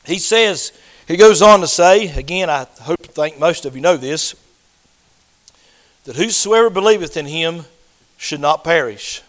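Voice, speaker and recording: An older man preaching a sermon, swinging between loud fervent passages and hushed, quiet ones. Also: a little high, lively intonation, unhurried, long pauses, rough recording.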